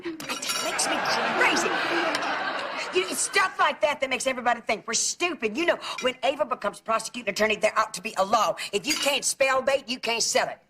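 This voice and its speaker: An actress playing a gossipy, nonstop-talking middle-aged aunt, in a sitcom. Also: female voice, fairly high pitch, close to an everyday voice. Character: gabby meddling Southern aunt, middle-aged woman. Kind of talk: sitcom acting. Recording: noisy TV broadcast audio.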